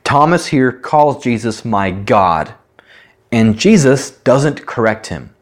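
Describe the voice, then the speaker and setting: A man's voice: medium pitch, lively intonation, slow. A man teaching a Bible study as a pastor, explaining verses in a conversational way and asking rhetorical questions. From United States.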